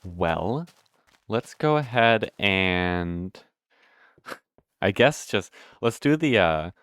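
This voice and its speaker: A man's voice: sits low, lively intonation, extremely slow, a bit bright, smooth, no room sound, clean studio sound. A young man giving casual, rambling gameplay commentary, hiccuping now and then, correcting himself and swearing offhand. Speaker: gameplay video host.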